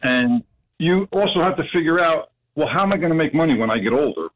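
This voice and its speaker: A man calling in to a radio show, speaking earnestly and haltingly with plenty of fillers. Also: a little high, lively intonation. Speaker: caller. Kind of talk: phone-in call. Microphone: telephone. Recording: phone line.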